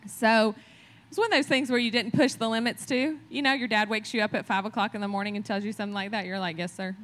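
A woman's voice: on the high side, steady tone, quick pace, fairly bright tone. A woman giving a casual sermon, speaking in a chatty, conversational way and often asking her listeners "right?" as she tells a story from her farm upbringing. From rural farm community. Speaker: church speaker.

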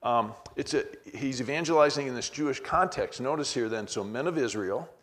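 A man's voice: medium pitch, brisk, a bit bright. A man, middle-aged, teaching a Bible class in a conversational way, reading verses aloud with frequent restarts.

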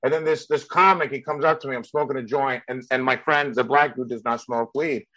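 A man's voice: mid-range voice, steady tone, fairly quick, sharp tone, no echo, dull audio. A young man with a Mexican accent, a stand-up comedian chatting bluntly and rambling, with lots of laughter and swearing. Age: young adult. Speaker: stand-up comedian, podcast guest. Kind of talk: casual chat.

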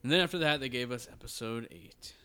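A young man in easygoing conversation, with a bright, forceful tone at a middling pitch. He gives his opinions bluntly and emphatically, dropping casual slang along the way. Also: fast talker, clear, resonant tone. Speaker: podcast co-host. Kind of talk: casual chat.

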